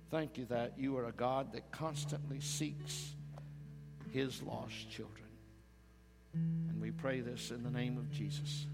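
A man preaching a sermon as pastor, slow and emphatic, building to loud calls for the congregation to repeat after him. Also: mid-range voice, creaky. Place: church sanctuary. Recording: reverberant church hall, faint guitar behind.

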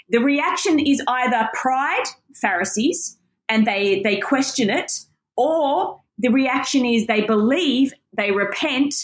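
Tearful, earnest woman teaching scripture. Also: on the high side. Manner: emotional, moved to tears, earnest. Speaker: Bible teacher. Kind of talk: teaching on a Bible passage.

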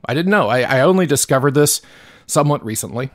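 A man's voice: medium pitch, animated, fast talker, dry recording, clean studio sound. A man hosting his own podcast, ranting in a profane, worked-up way with frequent stumbles and restarts. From Pacific Northwest of the US. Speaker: podcast host. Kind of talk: solo podcast monologue.

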